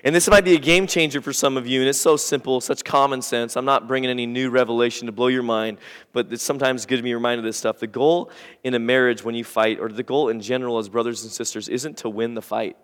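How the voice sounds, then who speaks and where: A man's voice: medium pitch, steady tone, quick pace, clear, resonant tone. Man preaching in a reverberant church. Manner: conversational preaching with acted-out quotes. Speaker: pastor. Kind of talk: sermon. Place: church sanctuary. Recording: church hall with long reverb.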